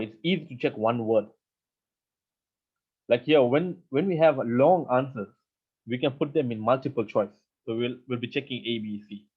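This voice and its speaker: A man's voice: medium pitch, husky. A man teaches a live online coding lesson, explaining patiently step by step and often repeating himself. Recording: tinny phone-like audio.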